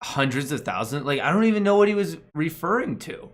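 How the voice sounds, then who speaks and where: A man's voice: a little high, sing-song, brisk, few pauses. A young man hosting a casual stock market live stream, reading his chat aloud and joking around with slangy banter and frequent laughs. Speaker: stock market livestream host.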